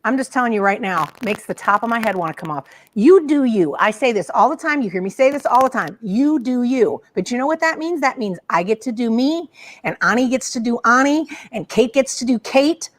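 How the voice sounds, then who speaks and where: A woman's voice: on the high side, expressive, fairly quick. A woman co-hosting a casual chat show, frank and fired up as she vents. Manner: frank, fired-up ranting, drawling. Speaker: co-host.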